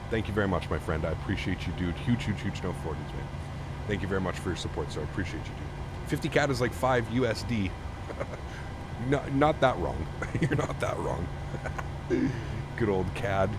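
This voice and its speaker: A man from Canada streaming a flight sim, chatting casually and thanking viewers as he reads chat. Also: sits low. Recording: steady background noise.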